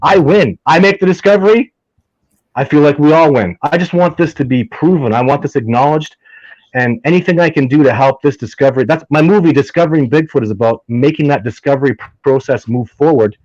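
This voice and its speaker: Excited Canadian man on a dull line. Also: fairly high pitch, a little fast, no echo. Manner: excited, repeats and restarts his words. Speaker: guest. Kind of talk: casual chat.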